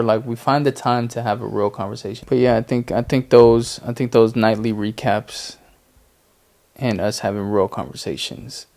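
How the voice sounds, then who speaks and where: Man, 30s, podcast co-host, low gravelly voice, easygoing rambling talk. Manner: relaxed, rambling, many fillers. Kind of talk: casual faith chat.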